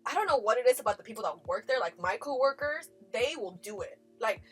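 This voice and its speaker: A woman co-hosting a podcast, telling a story in a loud, profane, laughing way. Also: fairly high pitch, expressive, quick pace, breathy edge, faint music behind. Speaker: podcast co-host. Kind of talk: casual storytelling chat.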